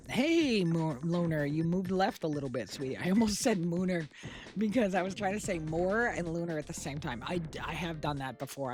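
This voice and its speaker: A woman co-hosting a stream in casual chat, rambling and laughing often. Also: a bass voice. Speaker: streamer co-host.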